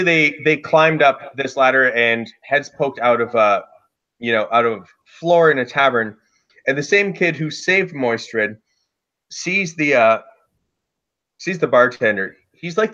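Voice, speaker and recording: A man telling a casual story about running a tabletop game, loose and lively, with lots of "like" fillers. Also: medium pitch, lo-fi sound. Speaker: dungeon master guest.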